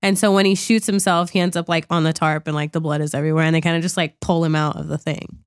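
Chatty woman with a smooth low voice. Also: level tone, fast talker, no room sound, clean studio sound. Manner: chatty, laughs often, acts out quotes with a swear. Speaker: podcast co-host. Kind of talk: casual chat reviewing a film.

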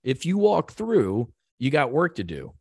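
A man's voice: medium pitch, huge pitch swings, measured pace, darkish tone, husky, no echo, clean studio sound. A man guest on a podcast, telling a personal story in an earnest, heartfelt way, with many restarts and repeated words.

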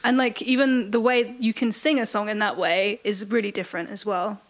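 A woman co-hosting a music podcast, talking in a casual, animated way and laughing often. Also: mid-range voice, fairly quick. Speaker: podcast co-host and music reviewer. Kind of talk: casual chat.

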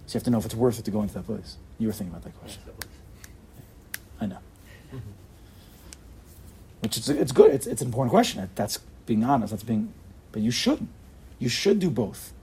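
A man giving a lively class on faith, emphatic and passionate, often firing rhetorical questions at his listeners and bursting into loud urging. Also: medium pitch, a little fast, pauses often, slight background noise. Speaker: Torah teacher giving a class.

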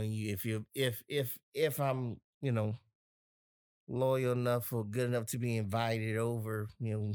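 A young man with a New Orleans accent hosting a casual podcast, joking and telling stories in relaxed slang. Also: lowish voice, no room sound, clean studio sound. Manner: laid-back, joking storyteller with slang. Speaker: podcast host.

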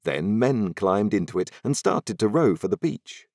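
A man narrating a story aloud in an expressive, dramatic storytelling manner. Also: lowish voice, unhurried, no room sound, studio quality.

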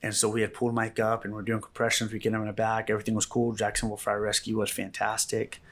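In an interview, a rescue medic calmly gives a first-hand account, speaking haltingly with lots of fillers and repetition. His voice is fairly low.

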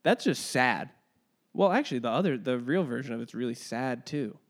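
A man's voice: medium pitch, animated, normal speed. A man hosting a casual podcast, joking loosely and swearing freely. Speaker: podcast host.

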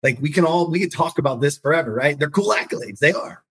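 A man's voice: on the high side, fast, fairly bright tone, husky. A man hosting a podcast who tells personal stories emphatically and keeps checking in with his listener. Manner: emphatic storyteller, keeps asking "right?". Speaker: podcast host. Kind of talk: motivational podcast conversation.

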